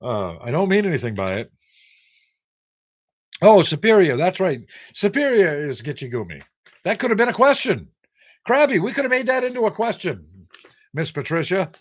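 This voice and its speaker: A man's voice: sits high, very animated, normal speed, long pauses. Older man teasing his trivia chat. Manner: teasing, sarcastic, reads viewer names aloud. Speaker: livestream trivia host. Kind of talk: casual live-chat trivia banter.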